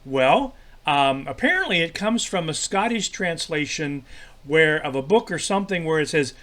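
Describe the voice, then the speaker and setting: A man teaching a children's devotional lesson in a friendly, halting way, full of fillers and repeated words. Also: a little high, lively intonation, a bit bright.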